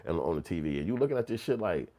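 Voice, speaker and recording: Low-voiced man telling profane stories. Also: racing. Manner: animated storytelling, swearing and slang. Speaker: commentary show host. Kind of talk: casual profane commentary.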